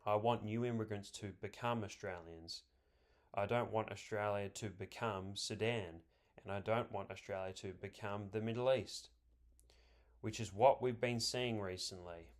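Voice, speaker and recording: A man with a lowish, steady voice reads scripted political commentary, quoting passages aloud in a measured, deliberate manner and stressing key words.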